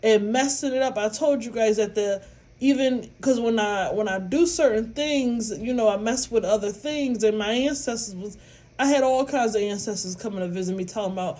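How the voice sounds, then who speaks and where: A woman's voice: a little high, normal speed, a little mellow. A woman vlogger talking to her followers in a casual monologue, rambling and repeating herself with emphasis. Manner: rambling, repetitive and emphatic, with bursts of laughter.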